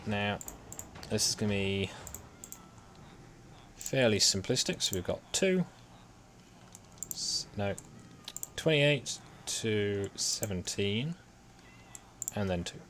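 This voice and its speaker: A man's voice: lowish voice, expressive, takes it slowly, long pauses, a bit bright, slight background noise. A man talking himself through a computer drawing in a casual, muttering way, with keyboard typing behind. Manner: muttering to himself, self-deprecating. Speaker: hobby modeller streaming CAD work. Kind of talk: casual talk-through while working.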